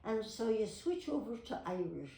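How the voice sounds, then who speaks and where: A woman's voice: fairly high pitch, big pitch swings, normal speed, dark tone. Woman in her 90s, former voice actress, chatty storyteller; roomy echo, mic set back. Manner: chatty, with theatrical read-aloud passages. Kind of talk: casual storytelling to camera. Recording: echoey room, mic at a distance.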